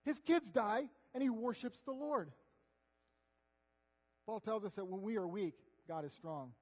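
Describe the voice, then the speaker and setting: Male preacher, earnest and conversational, high voice, reverberant hall. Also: unhurried. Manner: earnest, conversational, swings between loud and hushed. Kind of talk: sermon.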